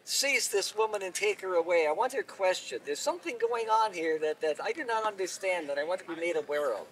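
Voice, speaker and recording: A man's voice: sits high, lively intonation, fairly quick, a bit bright. A man voicing a just, commanding king who speaks in formal courtly phrases, recorded from a distance outdoors. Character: stately middle-aged male king, just and commanding.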